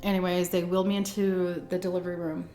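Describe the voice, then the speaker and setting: A woman's voice: fairly low pitch, little pitch movement, quick pace, warm tone, faint music behind. A woman vlogger telling a story to camera in a chatty, dramatic way, acting out what people said. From Texas. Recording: roomy echo.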